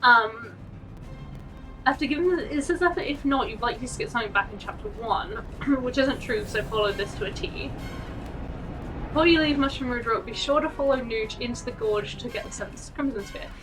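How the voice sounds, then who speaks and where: A woman's voice: on the high side, fairly quick, fairly bright tone, far from the mic, faint music behind, poor audio. Chatty young woman streaming a game. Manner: chatty, thinking aloud with fillers. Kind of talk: casual gameplay commentary.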